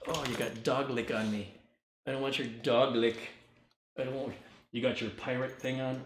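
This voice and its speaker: Male vlog host, mid-pitched, casual and playful, echoey home room with faint hiss. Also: steady tone, moderate pace. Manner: talks to his dog in a sing-song baby voice. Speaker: tech channel host. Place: indoors at home. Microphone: studio microphone on a stand.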